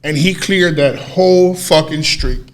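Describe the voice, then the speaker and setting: This podcast co-host has a voice on the high side and takes his time, unhurried, as he relays a lengthy story from his own life. The telling is lively and profane, with him voicing what others said.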